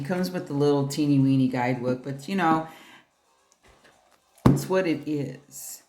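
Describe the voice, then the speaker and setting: A woman's voice: low-pitched, darkish tone, roomy sound, a little hiss or hum. A woman tarot reader in a casual vlog, rambling and chatty, with lots of fillers and restarts. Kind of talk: casual deck-sharing vlog.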